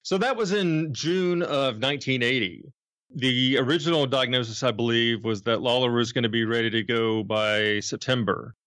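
A man hosting a podcast, recounting wrestling history in a relaxed, casual storytelling way. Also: mid-range voice, normal speed, no room sound. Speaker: podcast host.

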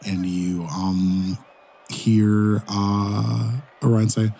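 A man narrating as game master of a tabletop role-playing game. His voice sits low and warm, unhurried and mellow. He describes scenes in a loose, rambling way, padded with fillers. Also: little pitch movement, vocal fry, breathy edge.

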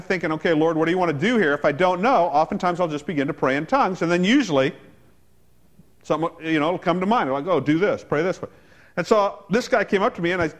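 Conversational male pastor, raised pitch. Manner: conversational, joking asides, frequent restarts. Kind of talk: sermon.

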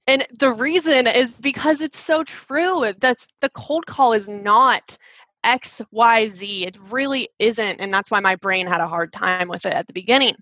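A woman guest talking fast and animatedly about sales calls, with many restarts. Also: fairly high pitch, bright, forceful tone, no echo. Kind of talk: casual interview chat. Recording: dull dry sound.

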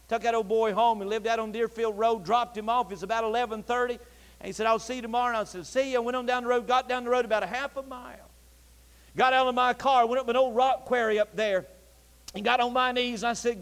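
A man preaching a sermon, telling his story with feeling and building to fervent, near-shouted passion. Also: extremely high pitch, steady tone, brisk. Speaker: pastor. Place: church sanctuary. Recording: long church reverb.

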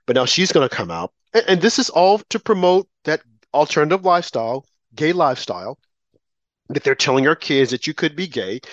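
Indignant man, lively rhetorical delivery. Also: a little high, no room sound, muffled recording. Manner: emphatic, rhetorical questions, indignant. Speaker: commentary host. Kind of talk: political monologue.

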